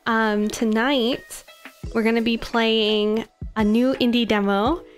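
A woman's voice: a little high, fairly even intonation, slow pace, soft background music. A woman streamer chatting casually with her live chat, bubbly and giggly, hesitating with frequent ums and restarts. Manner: bubbly, giggly, greets chat with repeated hellos.

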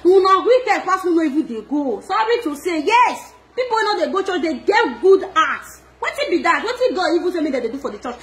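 Nigerian Pidgin woman, high voice, animated gossip vlogger, laughs and scolds often. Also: a little hiss or hum. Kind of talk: casual gossip monologue.

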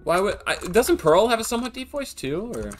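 A man's voice: high-pitched, big pitch swings, fairly quick, faint music behind. A man streaming a game, chatting casually with friends, joking and swearing. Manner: joking, swearing, laughing often. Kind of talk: casual gaming chat.

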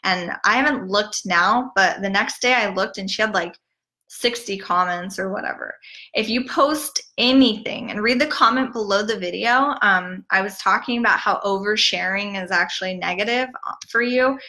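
Chatty bright-voiced woman giving training. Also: normal speed. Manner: chatty, peppered with "like" and "um"; mimics bubbly sales messages with big pitch jumps. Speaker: network marketing trainer. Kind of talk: casual online training talk. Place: streaming from home over the internet.

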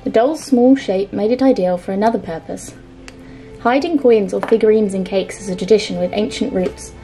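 A woman, co-host of a craft and history show, reciting an old poem in a measured way and then narrating its history. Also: medium pitch, warm tone, soft background music.

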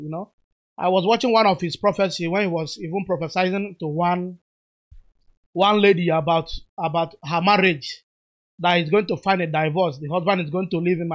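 A man talks through clips in a relaxed, explanatory way, pausing to moralize. His voice sits fairly high for a man. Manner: unhurried, explanatory, moralizing asides. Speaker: commentary vlogger. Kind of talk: casual commentary over video clips.

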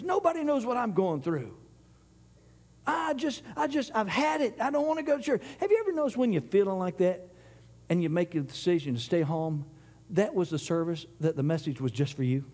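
Male preacher, high voice, passionate church sermon, surges and drops, restless repeats. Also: warm tone, husky. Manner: impassioned, rises and falls, stumbles and repeats.

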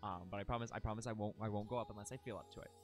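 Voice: mid-range voice, fairly even intonation, very fast, faint music behind. A live streamer in casual chat, giggly and goofy, repeating silly words over and over.

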